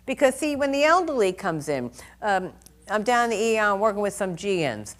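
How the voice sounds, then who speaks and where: A woman's voice: medium pitch, normal speed. An older woman teaching critical care nursing, lecturing in a chatty, emphatic way with stories from the ward. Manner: animated storyteller, chatty and emphatic. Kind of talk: lecture with anecdotes.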